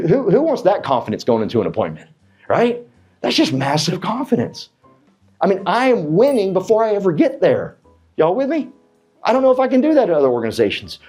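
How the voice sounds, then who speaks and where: A middle-aged man giving a motivational talk to real estate agents, quizzing the crowd and telling stories. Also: sits high. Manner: animated, asks the crowd, tells stories with acted quotes. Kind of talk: motivational presentation to a live room.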